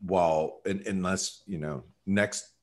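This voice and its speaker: A man's voice: deep voice, steady tone, measured pace. A man hosting a trading webinar, chatting loosely about currencies with lots of fillers and restarts. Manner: rambling, many fillers, jumps in loudly. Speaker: webinar host, trader. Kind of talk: casual market commentary.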